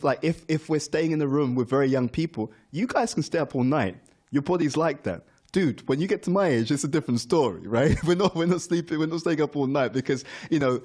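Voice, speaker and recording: A man's voice: a little high, darkish tone. A middle-aged man giving a morning spiritual class, earnest, repeating key words for emphasis. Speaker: spiritual teacher. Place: temple class room.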